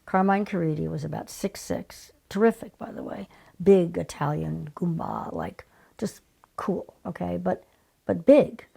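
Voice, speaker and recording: An older woman, a casting director, telling stories in an interview, animated and acting out the people she quotes. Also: on the low side, unhurried, creaky, slightly rough. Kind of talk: casual interview storytelling.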